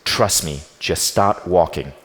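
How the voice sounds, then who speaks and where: A man's voice: low-pitched, slow. A man quoting his bossy female spirit guide in curt commands during a stage talk. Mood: commanding. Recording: reverberant hall.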